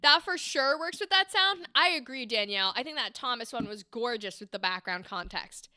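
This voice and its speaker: A woman's voice: on the high side, lively intonation, normal speed, bright, forceful tone, no echo, clean studio sound. A woman hosting a livestream, giving bubbly, encouraging critiques of voice acting takes in a chatty way.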